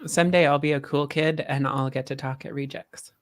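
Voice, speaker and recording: A man's voice: fairly high pitch, steady tone, brisk. A man chatting casually on a tech livestream, telling anecdotes and making self-deprecating remarks.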